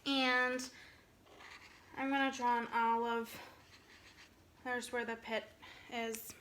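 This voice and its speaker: A woman teaching a recorded phonics lesson to kindergartners, speaking slowly and clearly in an encouraging way. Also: fairly high pitch, flat delivery, a bit bright, slight background noise. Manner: slow, clear, encouraging teacher talk to young children.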